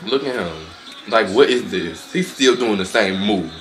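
A man giving sassy, animated reaction commentary on fight highlights, full of exclamations and sudden squealed outbursts. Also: unhurried, reverberant, slight background noise. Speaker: reaction video host.

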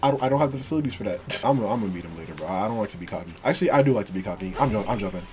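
A man giving excitable, slangy, joking commentary while playing a video game, swinging from low mutters to yells. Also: very fast, a little hiss or hum. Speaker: gaming streamer. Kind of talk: let's play commentary.

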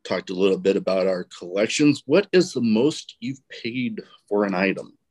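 A man hosting a casual podcast, asking short questions in a relaxed way. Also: on the low side, normal speed. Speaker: podcast host. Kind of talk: casual interview chat.

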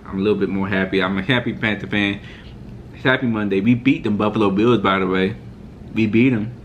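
A man's voice: lowish voice, muffled recording, slight background noise. A man vlogging a heated, mocking sports reaction rant. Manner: mocking, fired-up ranting.

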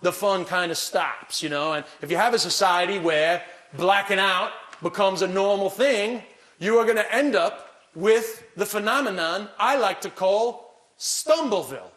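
A man doing a stand-up comedy routine, animated and mocking. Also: high-pitched, normal speed. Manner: animated, mocking, puts on voices for punchlines. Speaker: comedian and documentary host.

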